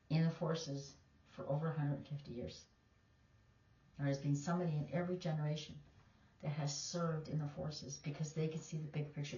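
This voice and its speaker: A woman's voice: sits low, warm tone. A woman teacher, giving emphatic, opinionated casual commentary. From Canada. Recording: distant, echoey, dull lo-fi.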